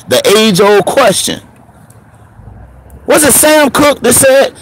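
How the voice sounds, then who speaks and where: A man in his thirties telling a story in a casual, profane monologue, laughing often and swinging between preacher-like highs and murmurs. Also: huge pitch swings, slow, long pauses, fairly bright tone, slight background noise. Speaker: show host.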